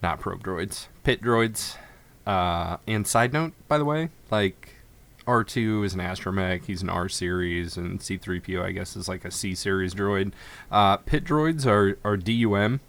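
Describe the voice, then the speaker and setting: A man's voice: deep voice, moderate pace, fairly bright tone. A man hosting a casual podcast chat, recapping an episode with laid-back asides. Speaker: podcast host.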